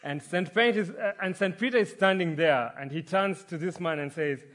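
A man pastor preaching a sermon, opening with a quiet prayer and then telling a joke story in an earnest manner. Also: high-pitched, brisk, hardly any pauses. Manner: earnest, storytelling, some restarts.

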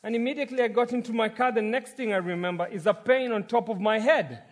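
A man voicing a bewildered ordinary man who cannot explain how he died, speaking higher and louder than his own voice. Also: quick pace. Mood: baffled.

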